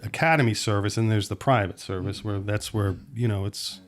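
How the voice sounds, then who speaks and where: A middle-aged filmmaker from Pennsylvania spins a long anecdote on a podcast, circling back and restarting his sentences. His voice sits on the low side. He slips into quoted dialogue as he goes. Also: brisk. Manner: rambling, restarts mid-sentence, acts out quotes. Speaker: filmmaker guest. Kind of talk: anecdotal storytelling in a podcast chat.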